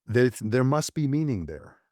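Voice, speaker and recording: A man's voice: medium pitch, sing-song, measured pace, a little mellow, no room sound, studio quality. A male psychologist speaking as a podcast guest, reflective, illustrating his points with quoted examples from couples. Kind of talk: podcast interview.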